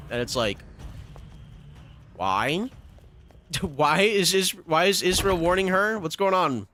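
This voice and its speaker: A young man chatting through a let's-play, his voice bright and a little high, swinging up and down with lively pitch as he rants and swears freely. He talks casually and animatedly, like someone at home behind the controller. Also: moderate pace, a little hiss or hum. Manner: animated, profane ranting. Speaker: gaming channel host.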